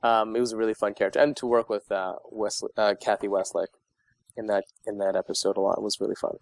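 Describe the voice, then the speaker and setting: A man's voice: on the low side, little pitch movement, fast talker, gravelly, no echo. A man who works as a voice actor, chatting as an interview guest and telling stories with laughter and sudden jumps in his voice. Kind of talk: casual interview chat.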